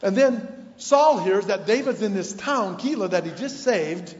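A man in his pastoral role delivers a sermon in a fairly high voice. He leans on rhetorical questions and sinks to a hushed tone for emphasis. The recording is dull and lo-fi, with long reverb from a church hall. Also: lively intonation, measured pace. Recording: dull, echoey hall sound.

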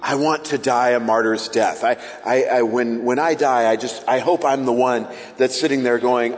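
A young pastor preaches a sermon in an animated, casual style, performing the disciples' voices as he narrates the story. His mid-range voice moves at a moderate pace, with a long reverb tail.

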